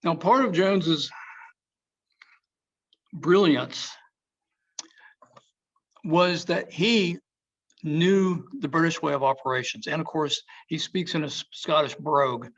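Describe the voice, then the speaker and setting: A man's voice: fairly high pitch, slow, pauses often. A man giving a storytelling history talk as a museum speaker, emphatic and quoting historical figures. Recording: dull lo-fi sound.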